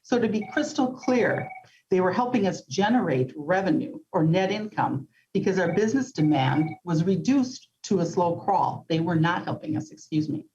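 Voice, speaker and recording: A woman, a company CEO, giving prepared, earnest testimony to a legislative committee at a measured pace, with occasional ums. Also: lowish voice, expressive, darkish tone, highs cut off.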